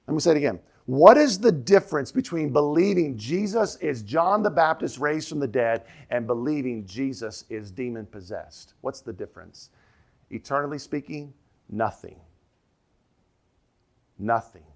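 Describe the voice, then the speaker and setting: A man preaching a sermon as pastor, emphatic, repeating key lines and dropping his voice low for the quoted question. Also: lively intonation, normal speed, creaky, darkish tone. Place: church sanctuary.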